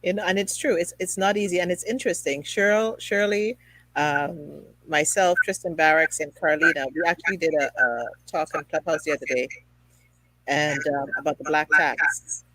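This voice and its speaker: Chatty low-voiced woman host, dry sound. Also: normal speed, dry recording, poor audio. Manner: chatty, rambling, frequent fillers, animated. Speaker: show host. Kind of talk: conversational interview. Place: home apartment.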